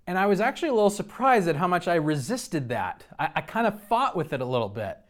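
A man's voice: on the high side, sing-song, fast, few pauses. A man preaching a sermon, telling personal stories in an earnest way with frequent restarts. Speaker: pastor.

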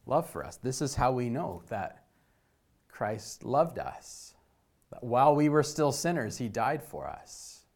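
A middle-aged pastor with a mid-range voice preaches a sermon, telling stories that swing between emphatic lines and hushed ones.

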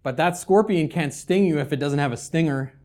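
A man preaching a sermon as pastor, swinging between loud, emphatic scripture reading and quiet, conversational asides with humor. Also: on the high side, fairly quick. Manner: conversational, with casual fillers and humor.

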